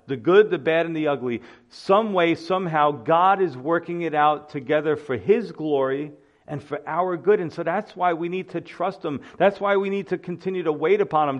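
A man preaching a sermon, telling Bible stories in a lively way and acting out the voices of the people in them. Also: fairly high pitch, highs cut off. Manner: animated storytelling preacher, acts out voices. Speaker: pastor.

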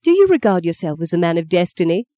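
A reader voicing Justine, a sharp-tongued, quick-tempered young actress, in an audiobook. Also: big pitch swings, no room sound, close to an everyday voice. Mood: teasing. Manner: high, indignant outbursts. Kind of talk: audiobook character voice.

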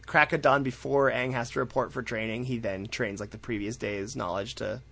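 A man's voice: medium pitch, fairly even intonation, moderate pace, vocal fry, bright, forceful tone. A man co-hosting a podcast, recapping an episode in a loose, rambling way. He fills gaps with "uh" and "like" and swears freely. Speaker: podcast co-host. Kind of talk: casual episode recap chat.

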